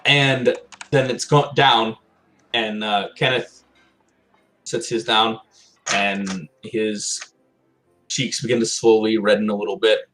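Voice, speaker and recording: Meandering, unhurried male game master. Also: lowish voice, steady tone, fairly bright tone, a little hiss or hum, poor audio. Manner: meandering, hedging with filler words, slows down on descriptions. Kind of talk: narrating a tabletop game.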